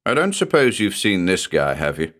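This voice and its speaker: A man's voice: low-pitched, wildly swooping pitch, normal speed, a bit bright, full character voice. A man voicing a plump, friendly photographer with a Geordie accent, chatty and affable.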